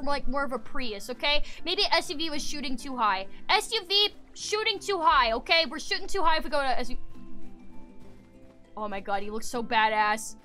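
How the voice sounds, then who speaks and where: A woman streaming a game, chatting casually with her viewers and swinging between loud squeals and low mutters. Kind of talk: casual gameplay commentary.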